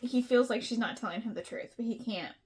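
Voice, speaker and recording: A woman's voice: on the high side, quick pace. A woman co-hosting a casual book podcast, giggling, swearing casually and acting out characters.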